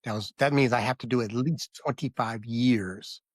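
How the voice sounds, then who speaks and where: A man's voice: mid-range voice, moderate pace, dry recording. A man guesting on a podcast, telling a hard personal story in a candid, vivid way and often stopping to check the listener.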